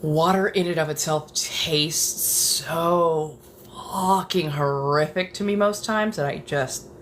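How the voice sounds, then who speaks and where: Woman chatting slow into a close mic at home, swears a lot, whispers now and then, faint hum behind. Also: low-pitched. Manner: profane, dramatic, drifts into whispers. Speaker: ASMR streamer. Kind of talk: casual chat. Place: apartment.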